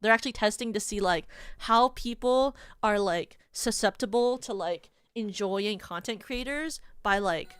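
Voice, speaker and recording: A woman VTuber streamer chatting casually, spinning rambling hypotheticals with lots of "like" and frequent giggles. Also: mid-range voice. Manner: giggly, rambling, heavy use of "like".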